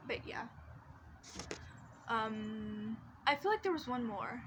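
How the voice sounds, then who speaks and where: A woman's voice: fairly high pitch, animated, takes it slowly, long pauses, noisy background. A young woman in her teens telling personal stories in a casual vlog from her bedroom, rambling with many restarts and fillers. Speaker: vlogger.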